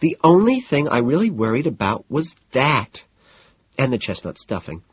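A high-strung rich young woman whines and wails in a lifted, swooping voice, as a male reader puts her on. The audio sounds dry and a bit dull, like a plain booth recording. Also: sing-song, normal speed, slightly rough, no echo. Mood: whiny. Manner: whining, exasperated, melodramatic. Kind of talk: audiobook character voice.

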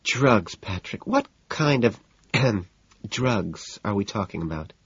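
A man's voice: lowish voice, expressive, takes it slowly, fairly bright tone, husky, dry recording, dull audio, exaggerated voice. A man putting on a whiny rich young woman. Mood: disapproving. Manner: whining, exasperated, melodramatic. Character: whiny, high-strung wealthy young woman. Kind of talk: audiobook character voice.

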